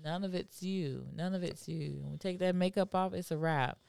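Smooth-voiced woman, frank podcast co-host. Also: fairly low pitch, moderate pace, a little mellow, no room sound. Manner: agreeable, frank, chimes in with affirmations. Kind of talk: casual chat.

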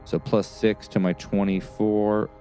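Very low-voiced wry male player. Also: level tone, a little slow, warm tone, faint music behind. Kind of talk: playing a tabletop game.

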